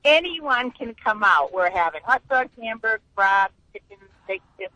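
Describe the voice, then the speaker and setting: A woman's voice: mid-range voice, expressive, normal speed, sharp tone, no echo, poor audio. A woman calling in to a radio talk show, chatting in an upbeat way about a fan tailgate she organizes. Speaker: caller, fan club organizer. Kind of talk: casual phone-in chat.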